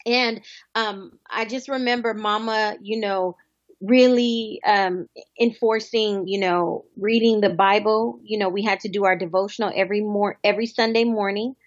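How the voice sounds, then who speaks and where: Woman, thirties, mid-pitched, heartfelt, reminiscing, dry muffled sound. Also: fairly even intonation, moderate pace, dry recording. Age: 30s. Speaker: guest. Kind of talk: interview conversation.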